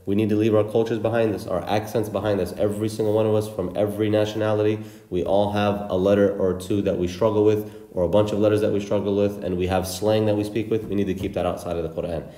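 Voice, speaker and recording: A man's voice: fairly low pitch, flat delivery, quick pace, few pauses, warm tone, reverberant. A man teaching the Arabic letters for Quran recitation, patiently drilling each sound with repeated examples. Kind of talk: instructional lesson.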